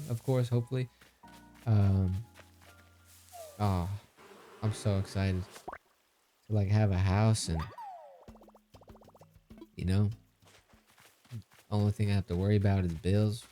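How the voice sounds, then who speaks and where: A man's voice: on the low side, dark tone. A man in his thirties chatting casually on a live stream, joking, laughing and reading out chat messages. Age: 30s. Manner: joking, reads chat aloud, laughs often.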